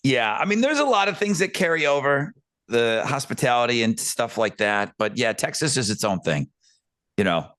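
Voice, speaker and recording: A man from Buffalo, New York, co-hosting a podcast with animated, profane chatter. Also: medium pitch, moderate pace, no room sound. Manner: animated, profane, laughs often. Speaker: podcast co-host. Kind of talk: casual podcast banter.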